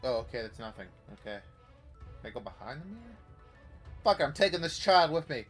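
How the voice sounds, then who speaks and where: A young man commentating a horror game playthrough, swearing a lot and swinging from hushed muttering to panicked yelps. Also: fairly high pitch, very animated, a little fast, breathy edge, soft background music. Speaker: gaming YouTuber.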